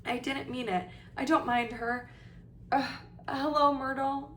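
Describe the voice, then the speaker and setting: A woman voicing a clever schoolgirl who is flustered and falsely bright. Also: high voice, fairly even intonation, unhurried, echoey room, a little hiss or hum, voice pushed up. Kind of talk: audiobook reading.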